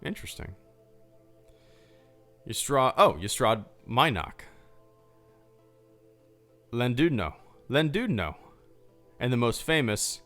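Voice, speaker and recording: A man's voice: medium pitch, lively intonation, measured pace, pauses often, sharp tone, soft background music. A man hosting a casual livestream Q&A with supporters, chatty and rambling, full of restarts. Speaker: YouTube channel host.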